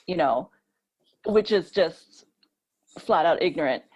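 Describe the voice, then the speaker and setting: A woman's voice: lowish voice, moderate pace, a little mellow, dull audio. A woman, a documentary filmmaker, speaking candidly and reflectively as an interview guest.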